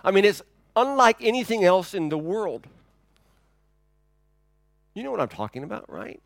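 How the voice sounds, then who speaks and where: Man, pastor, sermon, slightly high voice, dry sound, loud then hushed. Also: sing-song, moderate pace, creaky, no room sound. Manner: conversational and dynamic, swinging from loud to hushed.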